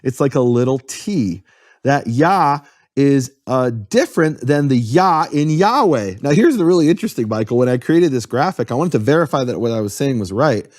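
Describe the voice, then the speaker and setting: A man's voice: mid-range voice, expressive, moderate pace, a little mellow, no echo, studio quality. A man giving an earnest, step-by-step explanation in a conversation, spelling out terms as he goes. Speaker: guest explaining Hebrew.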